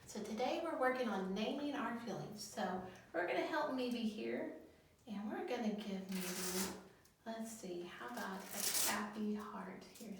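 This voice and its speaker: A woman school counselor teaching young children in a video lesson, speaking gently, asking them questions and pausing for their answers. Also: a little high, creaky. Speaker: elementary school guidance counselor. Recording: very echoey room, voice from a distance, faint noise.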